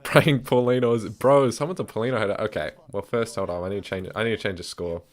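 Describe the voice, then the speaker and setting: A man's voice: on the low side, quick pace. A young man co-hosting a casual sports watch-along livestream, joking and chatting as he reacts. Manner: laid-back, joking, chatty. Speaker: livestream co-host.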